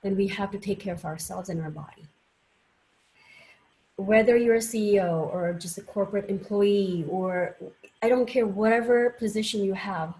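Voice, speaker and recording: A woman's voice: medium pitch, darkish tone, low-quality recording. A woman doctor giving a conference presentation, telling personal stories in an earnest way with frequent fillers. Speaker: doctor and guest speaker.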